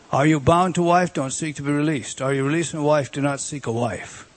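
A man's voice: on the high side, a little fast, hardly any pauses. A man preaching an expository sermon to a congregation. He is emphatic, repeats key words and asks the room questions.

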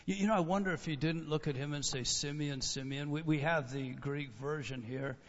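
A man preaching a sermon, retelling scripture with dramatic swings from raised emphasis to a hushed, low voice. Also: a little fast. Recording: dull sound in a large reverberant hall.

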